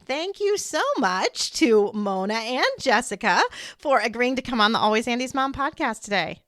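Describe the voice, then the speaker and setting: A woman's voice: fairly high pitch, animated, normal speed, a bit bright. A middle-aged woman hosting an interview podcast, chatty and upbeat as she talks with guests. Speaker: podcast host.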